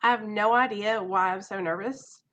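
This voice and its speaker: A woman's voice: medium pitch, normal speed, fairly bright tone, dull audio. A young woman, chatting casually and emotionally on a home live stream, nervous and rambling. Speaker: vlogger.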